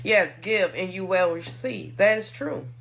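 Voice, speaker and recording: A woman's voice: mid-range voice, lively intonation, measured pace, creaky, a little hiss or hum. A woman who owns a food truck, defending herself in an emotional, indignant personal statement and repeating points for emphasis.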